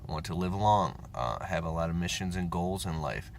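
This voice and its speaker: A man in his thirties talking casually in a profane, rambling, animated monologue, with whispered asides. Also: sits low, moderate pace, gravelly, slight background noise. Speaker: self-help vlogger.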